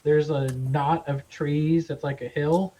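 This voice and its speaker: A man's voice: a little high, fairly even intonation, slow pace, mellow. A man narrating as game master, stammering and repeating words while he describes the scene. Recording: dull lo-fi audio.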